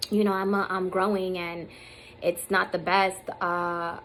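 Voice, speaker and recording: A lowish, slightly bright voice with a level tone and a somewhat slow pace belongs to a woman in her thirties. She speaks casually and from the heart to a self-facing phone or camera, rambling with many fillers and sometimes almost crying. The low-quality recording carries slight background noise.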